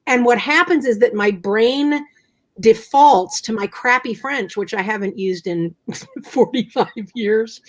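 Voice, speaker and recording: A woman's voice: on the high side, a little slow. A woman in her sixties co-hosting a casual chat show, joking about herself and laughing often. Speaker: co-host. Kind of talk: casual live-stream chat.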